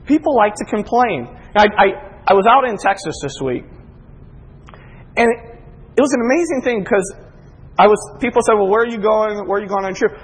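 A man preaching a sermon as a pastor, his voice rising to emphatic peaks and dropping to hushed, intimate asides. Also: sits high, lively intonation, fairly quick. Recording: husky voice with long reverb of a large hall.

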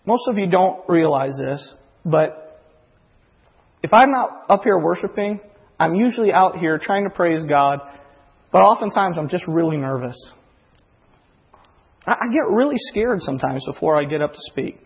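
Earnest high-voiced male pastor preaching. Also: animated, normal speed, long pauses, slightly rough, big-room sound, highs cut off. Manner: earnest, confessional, acts out inner voices. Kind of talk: sermon. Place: church sanctuary.

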